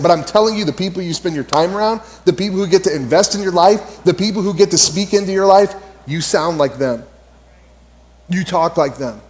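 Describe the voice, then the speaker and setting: A man in his thirties, a pastor preaching a sermon in a conversational, animated way with quoted asides. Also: sits high.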